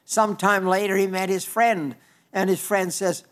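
Brief: older male preacher, light high voice, homespun sermon delivery, frequent stumbles and restarts. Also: steady tone, normal speed. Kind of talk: folksy sermon.

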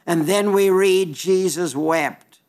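A man preaching a sermon, emphatic and folksy, quoting scripture in King James wording and dropping into low, wry asides. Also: takes it slowly, darkish tone.

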